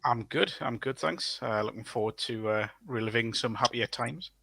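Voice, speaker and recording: A man's voice: medium pitch, normal speed, vocal fry, pushed and bright, husky, no room sound. A man speaking as a podcast guest, talking in a thoughtful way with fillers and restarts. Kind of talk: casual podcast chat.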